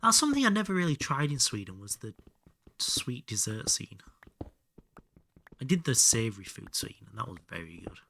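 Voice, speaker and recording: A man's voice: mid-range voice, huge pitch swings, fast talker, gravelly, few pauses, pushed and bright, a little hiss or hum. A man chatting casually with his viewers while playing a game, joking and bantering, now and then muttering under his breath. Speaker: streamer. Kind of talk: casual live-stream chat while gaming.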